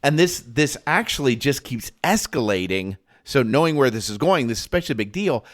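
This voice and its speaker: A man's voice: mid-range voice, lively intonation, brisk, a bit bright. A man co-hosting a casual Bible discussion, thinking aloud with many restarts and acting out quoted lines. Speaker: podcast co-host.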